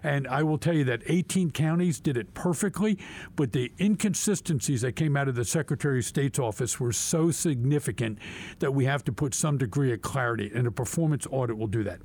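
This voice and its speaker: A man's voice: medium pitch, fairly quick, a little mellow. A man, a state representative, laying out bills in an emphatic policy discussion and repeating key words for stress. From Pennsylvania.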